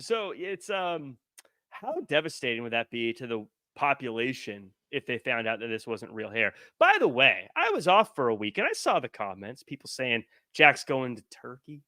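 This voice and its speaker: A man hosting a casual podcast, talking into a headset mic in a lively, joking way. His voice sits fairly high and bright and swings a lot in pitch. The sound is close and dry. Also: moderate pace, no echo. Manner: lively, joking, reads viewer comments aloud. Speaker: podcast host.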